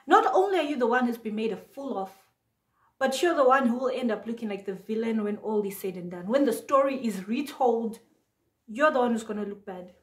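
A young woman from Zimbabwe tells a story from her life in a casual vlog, acting out both sides of a phone argument in lively voices. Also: fairly high pitch, brisk, echoey room. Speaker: vlogger.

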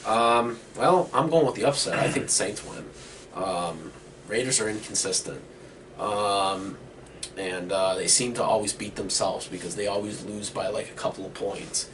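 A man co-hosting a casual sports picks chat over an online call, talking with plenty of fillers and pauses. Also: fairly low pitch, fairly bright tone. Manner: hesitant, many fillers. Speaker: co-host making picks. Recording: distant mic with faint noise.

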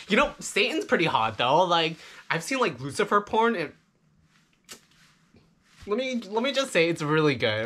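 A young man vlogging in a campy, flamboyant, profane joking manner, talking excitedly to his viewers. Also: a little high. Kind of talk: campy confessional vlog.

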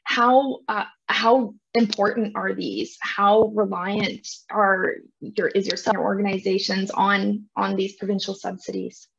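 A woman's voice: mid-range voice, little pitch movement, a little slow, creaky, a bit bright, slight background noise. A woman moderating a virtual summit over a video call, gracious and hesitant, with many uh fillers. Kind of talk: hosting a virtual event. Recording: dull lo-fi call audio.

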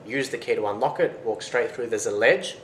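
Blind hairy giant hermit, loud and raised in pitch, as a male storyteller puts him on; roomy room, faint hiss. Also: fairly quick, close to an everyday voice. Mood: helpful.

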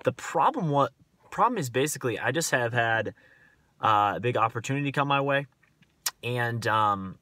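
A man's voice: mid-range voice, animated, moderate pace, bright, forceful tone, no room sound. Blunt, swearing young man ranting. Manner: blunt, profane, rambling with many fillers. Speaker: vlogger. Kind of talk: casual rant to camera.

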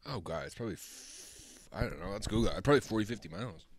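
A man co-hosting a podcast, trading crude jokes and laughing loudly in casual chat. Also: fairly low pitch, animated, fast, creaky. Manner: loud, laughing, crude banter. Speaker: podcast co-host.

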